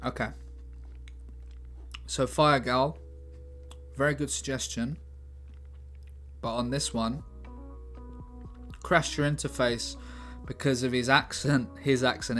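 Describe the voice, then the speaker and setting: A man's voice: medium pitch, steady tone, slow pace, long pauses, a bit bright, soft background music. A man casually brainstorming aloud on a livestream, thinking through options, trying out lines and answering his chat. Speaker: livestream writer.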